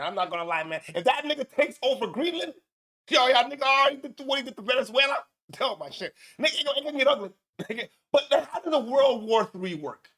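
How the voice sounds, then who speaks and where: Brief: high-pitched, lively Canadian male host, profane and laughing. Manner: loose, profane, laughing, animated. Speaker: show host. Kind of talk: casual commentary.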